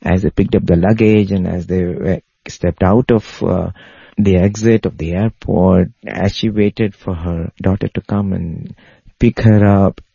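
Deep, dark, husky male storyteller, earnest and repetitive; dry, dull lo-fi sound. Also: fairly even intonation, unhurried, dry recording. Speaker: spiritual speaker. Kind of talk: devotional storytelling talk. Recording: dull lo-fi recording.

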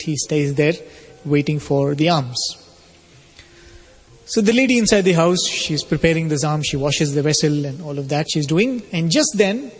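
A man telling a spiritual story as a sermon, in a measured, explanatory way. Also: on the high side, slightly rough. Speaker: spiritual speaker. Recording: long hall reverb.

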